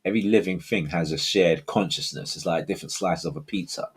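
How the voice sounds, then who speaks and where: A British man with a low, husky voice talks loosely on a call-in show. He rambles and circles back with fillers like "you know" and "man," in an informal, searching way. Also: brisk. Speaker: caller. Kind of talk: casual call-in chat.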